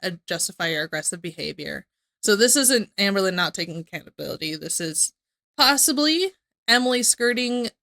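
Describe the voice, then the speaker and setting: A woman talks through her reactions in a loose, rambling way, often stopping to correct herself. Her voice is bright and forward. The sound is dry, with no room echo. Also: mid-range voice. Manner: rambling, self-correcting, reads messages aloud. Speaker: reaction commentator. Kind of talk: casual reaction commentary.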